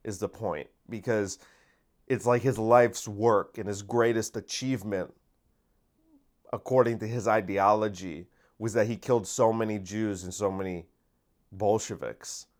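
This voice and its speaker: Energetic man in a rambling podcast chat. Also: fairly low pitch. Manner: rambling and conversational, with deadpan put-on voices. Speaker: podcast host and comedian. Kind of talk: casual solo podcast monologue.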